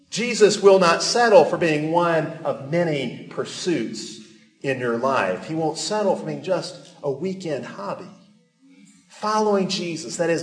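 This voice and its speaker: A man's voice: a little high, reverberant. A male pastor delivering a sermon in a church, earnest and emphatic, pressing his points with rising emphasis. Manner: earnest preaching with emphatic rises.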